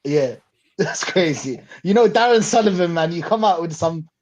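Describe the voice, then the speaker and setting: A man's voice: a little high, lively intonation, moderate pace, a little mellow. A man hosting a live fan show over a video call, reading out viewer comments and reacting to them. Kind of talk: casual live-stream chat.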